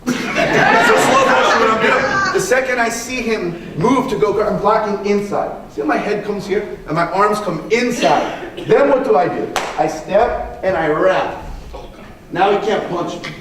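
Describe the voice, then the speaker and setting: Amid crowd and background noise in an echoey conference hall, a man with a high voice and lively intonation speaks a little slowly, heard from a distance. He's a martial arts instructor giving a conversational talk with a live demonstration, often repeating himself and asking "right?"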